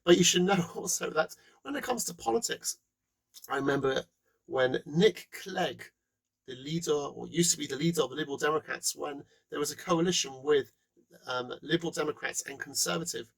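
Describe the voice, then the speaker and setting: Animated man with a gravelly voice. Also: on the high side, normal speed, poor audio. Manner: animated, acts out quotes, laughs. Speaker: speaker. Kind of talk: presentation talk.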